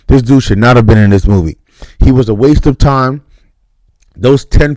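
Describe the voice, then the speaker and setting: Man, casual movie review, blunt, animated, mellow tone, dry close recording. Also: medium pitch, no echo. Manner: animated and blunt, with mock voices and cursing. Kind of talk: casual spoken film review.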